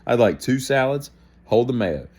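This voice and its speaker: A man's voice: mid-range voice, normal speed. A man, hosting a daily show, telling a rambling, self-deprecating story with dry asides. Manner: animated, self-deprecating, acts out gestures and inner thoughts.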